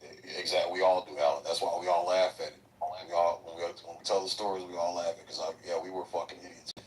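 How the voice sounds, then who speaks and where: A man's voice: low voice, little pitch movement, recorded from a distance, poor audio. A man, a military veteran guest, tells loose, profane stories from training in a slangy, meandering way. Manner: loose, swearing, slangy, drawn-out anecdotes. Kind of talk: casual profane storytelling.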